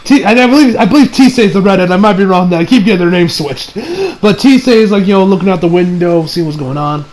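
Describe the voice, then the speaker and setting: A young man excitedly recapping an anime episode, rambling, swearing, and laughing often. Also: sits high, fast, low-quality recording. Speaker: anime reviewer.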